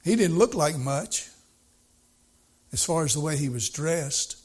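A man's voice: on the high side, expressive, a little slow, slightly rough. A male preacher giving a sermon in a folksy, storytelling way, repeating his points for emphasis.

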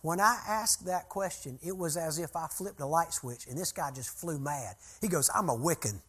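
Folksy older preacher, husky voice. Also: male voice, fairly high pitch, moderate pace, a bit bright. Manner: folksy, conversational storyteller. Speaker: preacher and church consultant. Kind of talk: sermon-style teaching with storytelling.

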